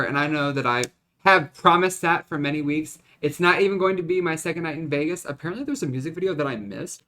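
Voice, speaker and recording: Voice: medium pitch, brisk, a bit bright. A vlogger talking to camera in a rambling, dramatic, self-mocking way, in a casual rant.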